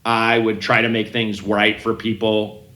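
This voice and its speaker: A man's voice: fairly low pitch, level tone, measured pace, pushed and bright. Male comic guest, rambling storyteller, ringing tone, roomy sound. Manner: rambling, self-interrupting anecdotes with quoted voices. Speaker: comedian guest. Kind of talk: casual podcast storytelling.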